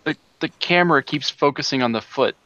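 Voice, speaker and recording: A man's voice: on the high side, brisk, sharp tone, muffled recording. A man guest on a live stream, dropping wry, teasing one-liners. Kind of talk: casual video call chat.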